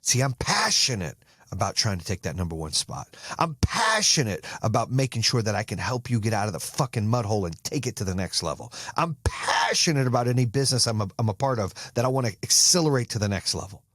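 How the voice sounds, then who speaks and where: A man's voice: on the low side, big pitch swings, quick pace, fairly bright tone, no room sound, studio quality. An American man hosting a podcast, delivering an intense, profane motivational monologue. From United States. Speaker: podcast host.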